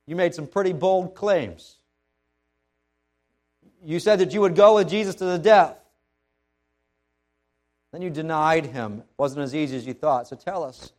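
A man preaching a sermon in a lively, conversational way, often restarting his sentences as he goes. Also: a little high. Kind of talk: sermon with dramatic scripture readings.

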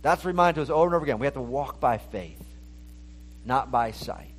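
A man's voice: medium pitch, expressive, a little fast. A man preaching a sermon, explaining scripture in an earnest way and often restarting his phrases. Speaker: pastor.

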